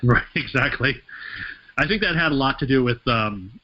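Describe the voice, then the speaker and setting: A man's voice: medium pitch, lively intonation, normal speed. A man in casual podcast chat who laughs often and mimics voices to make a point. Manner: laughs often, does mocking voice impressions. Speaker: podcast co-host. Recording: dull lo-fi podcast audio.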